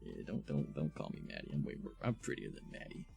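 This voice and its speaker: A man's voice: a bass voice, wildly swooping pitch, quick pace, vocal fry, a little mellow, soft background music. A young man hosting a live stream, rambling casually, swearing and thanking new followers as he talks. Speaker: streamer host.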